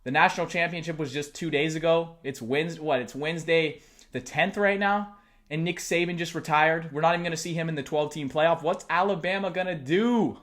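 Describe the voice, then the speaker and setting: Breathless, excited young man. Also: a little high, brisk. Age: young adult. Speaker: sports vlogger. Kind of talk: live unscripted vlog reaction. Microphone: close mic, camera and laptop.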